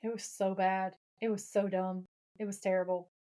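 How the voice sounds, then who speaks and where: A woman's voice: medium pitch, normal speed. Woman co-host, mid-range voice, chatty retelling that slips into the characters' lines, casual swearing. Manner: animated, acts out quoted dialogue, swears casually. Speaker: podcast co-host. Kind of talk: casual episode recap.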